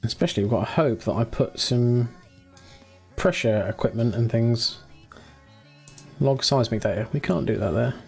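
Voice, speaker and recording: Guy, gaming commentary, relaxed and chatty, mid-pitched voice, soft music underneath. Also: moderate pace, gravelly, pauses often. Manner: relaxed, chatty, mild swearing. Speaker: gaming channel host. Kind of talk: casual gameplay commentary.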